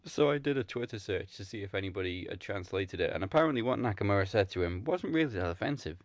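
A man co-hosting a casual wrestling podcast, explaining things in a relaxed way. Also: fairly low pitch, fast, no echo. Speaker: podcast co-host.

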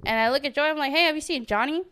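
A woman's voice: high-pitched, racing, fairly bright tone, slight background noise. A young woman in her twenties on a podcast, telling a profane story in casual chat and acting out the quotes. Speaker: podcast co-host.

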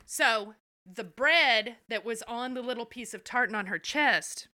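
A woman co-hosting a podcast, telling an episode's story in an animated, profane way. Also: a little high, measured pace, no echo, studio quality. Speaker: podcast co-host. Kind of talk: casual episode recap.

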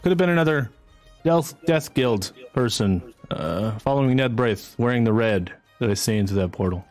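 A man voicing an irate male bartender in a tabletop game, shouting accusations and then grudgingly backing down. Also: mid-range voice, animated, moderate pace, soft background music, natural voice. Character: irate male tavern bartender, loud and scolding.

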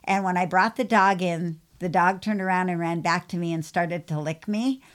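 A woman pet groomer who hosts a podcast, telling a long story in a chatty, animated way. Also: lowish voice, moderate pace. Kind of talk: casual storytelling.

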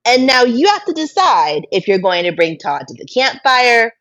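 A woman's voice: fairly high pitch, big pitch swings, normal speed, a bit bright. A woman hosting a podcast, playfully reading an interactive adventure story aloud and laughing often. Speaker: podcast host and story reader.

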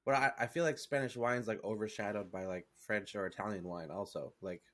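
A man's voice: on the low side, steady tone, fairly quick, a bit bright. A man co-hosting a podcast, talking casually and hesitantly, full of restarts and "like", defending his opinions. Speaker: podcast co-host. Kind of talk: casual chat.

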